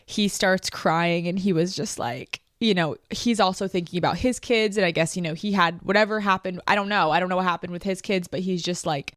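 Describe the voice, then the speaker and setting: A woman's voice: lowish voice, steady tone, brisk, hardly any pauses, dry recording, clean studio sound. A young woman hosting a podcast, casually telling a personal story in a candid, confessional way, full of "like" fillers. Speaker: podcast host.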